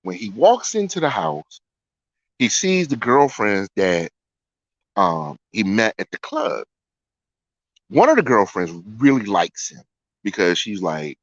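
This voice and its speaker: A man's voice: fairly low pitch, huge pitch swings, slow, long pauses, dry recording. A man telling a story in a casual way, often repeating lines for effect. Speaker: storyteller host. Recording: dry, dull lo-fi sound.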